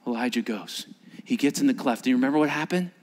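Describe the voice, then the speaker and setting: A male pastor preaching a sermon with animated storytelling, swinging from loud emphasis to hushed asides. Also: mid-range voice, quick pace.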